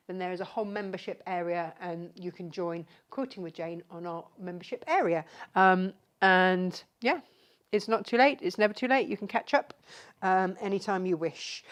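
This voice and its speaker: A woman hosting a live craft demonstration, chatty and rambling as she greets viewers by name. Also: medium pitch. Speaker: craft show host.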